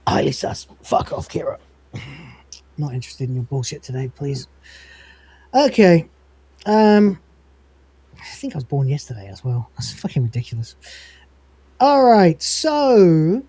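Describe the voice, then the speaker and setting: A podcast host on a livestream casually recaps a comedy episode, rambling and swearing and reading out lines in quick voices. He has a fairly high, mellow voice with no room sound.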